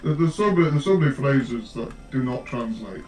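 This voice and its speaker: A man's voice: medium pitch, lively intonation, brisk, a little mellow. British man, far off in an echoey room. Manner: teasing, explains slang. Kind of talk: casual chat. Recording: echoey room, off-mic, music behind.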